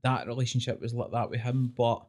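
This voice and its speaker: A Scottish man hosting a podcast interview, relaxed, mostly answering with short agreeing replies. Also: medium pitch, fairly quick. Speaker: podcast host. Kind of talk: casual interview chat.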